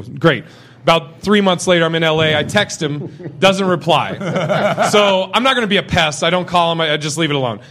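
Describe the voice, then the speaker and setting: A man's voice: fairly high pitch, brisk, a bit bright. A man, a comedian, telling rambling anecdotes on a live podcast at a comedy festival, often restarting his sentences. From Pacific Northwest. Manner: rambling, self-interrupting anecdotes with quoted voices. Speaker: comedian guest. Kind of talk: casual storytelling on a live podcast.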